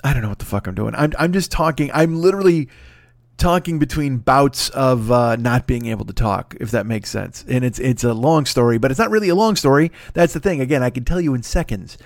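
A man's voice: medium pitch, animated, dry recording, clean studio sound. Rambling, profane man, a little under the weather. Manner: rambling, profane, halting with many restarts. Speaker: podcast host. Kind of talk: casual solo podcast announcement.

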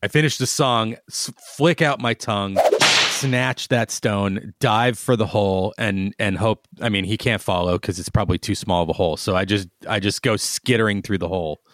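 A man playing a tabletop game, casual and excitable, laughing often. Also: lowish voice, normal speed. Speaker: player.

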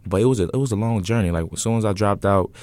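A man in his twenties telling his story in an interview, earnest and relaxed, with many fillers and restarts. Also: lowish voice, very fast, no room sound. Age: 20s. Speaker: interview guest, entrepreneur.

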